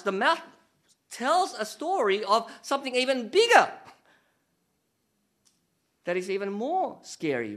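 A middle-aged male pastor with a fairly high voice preaches through a sermon. He tells stories with animation and slips in joking asides. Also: sharp tone.

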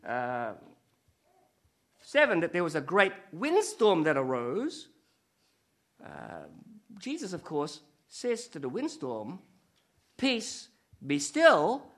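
High-voiced preacher telling stories. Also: male voice, slow, pauses often. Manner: animated storytelling with joking asides. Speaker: pastor. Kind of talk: sermon.

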